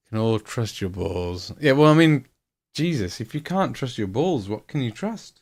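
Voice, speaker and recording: A man's voice: mid-range voice, big pitch swings, moderate pace, darkish tone. A man in his late thirties chatting casually on a live stream while painting miniatures, rambling and joking and laughing at himself. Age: 30s.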